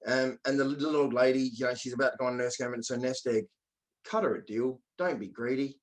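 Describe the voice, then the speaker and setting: A man's voice: medium pitch, fast, poor audio. A man with an Australian accent co-hosting a podcast, talking in a blunt, matey and emphatic way. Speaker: podcast co-host. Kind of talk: casual podcast chat.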